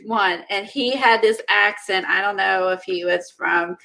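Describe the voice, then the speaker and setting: Excitable giggly woman, bright voice. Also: mid-range voice, measured pace, creaky, low-quality recording. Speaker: co-host making mixed media art. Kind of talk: casual chat while crafting.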